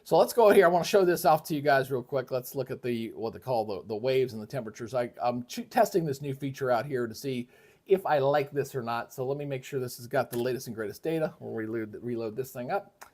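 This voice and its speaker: A man's voice: mid-range voice, quick pace, a little mellow. A man hosting a live weather stream from his home setup, talking casually with lots of fillers and restarts. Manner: rambling, folksy, many fillers and restarts. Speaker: livestream weather host. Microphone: switches between microphones, moves away from them.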